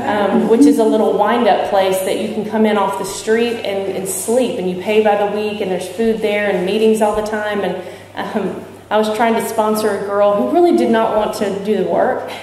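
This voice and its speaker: This woman's voice sits at medium pitch with a darkish quality, fairly even intonation and a moderate pace. She is candidly recounting her recovery for a convention crowd in a big hall, joking and questioning them. Faint hiss or hum comes through on a distant, echoey recording.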